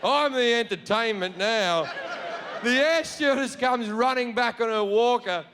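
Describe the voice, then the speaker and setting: An Australian man doing profane, animated stand-up storytelling on a theatre stage. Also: very high voice, a little slow, a faint crowd, a little hiss or hum. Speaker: stand-up comedian.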